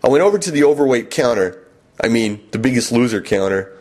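A man hosting a podcast, telling a comic first-person travel story in a wry, animated way. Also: mid-range voice, quick pace.

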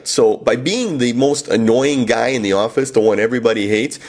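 A man's voice: medium pitch, breathy edge. A man reading his own first-person memoir in a wry, sardonic way. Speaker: author and narrator.

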